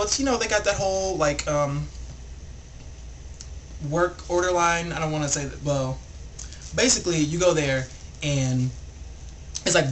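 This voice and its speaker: A man's voice: on the high side, a little hiss or hum. Rambling young man telling a story. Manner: rambling, animated, heavy filler words. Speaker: vlogger. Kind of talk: casual storytelling vlog.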